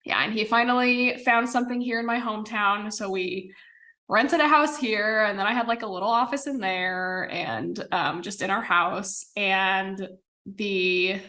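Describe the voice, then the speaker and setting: A young woman from the American Midwest chats casually as a podcast guest in an interview, sprinkling in lots of fillers and little laughs. Her medium-pitched voice is unhurried, bright, and forceful.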